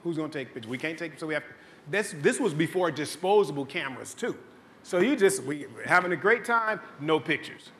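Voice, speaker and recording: A man's voice: fairly high pitch, lively intonation, brisk, fairly bright tone. A male pastor preaching a sermon in a church, with a conversational, joking storytelling style and lots of repetition. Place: church sanctuary.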